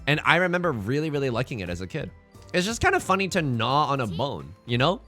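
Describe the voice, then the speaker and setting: A young man streaming a mahjong game, chatting casually and joking with playful, drawn-out emphasis. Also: medium pitch, sing-song, a bit bright, soft background music. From China. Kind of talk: casual live-stream commentary while playing mahjong.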